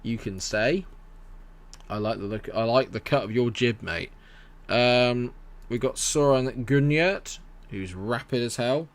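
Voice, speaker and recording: A man's voice: medium pitch, unhurried. A young man casually commentating on his management game live and chatting with viewers, rambling and friendly in tone. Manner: chatty, rambling, reads chat aloud and answers it. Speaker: gaming streamer.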